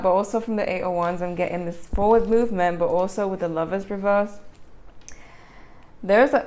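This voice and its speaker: A woman's voice: fairly low pitch, a little mellow. A woman giving a casual tarot reading, chatty and self-correcting, with frequent laughs. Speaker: tarot reader.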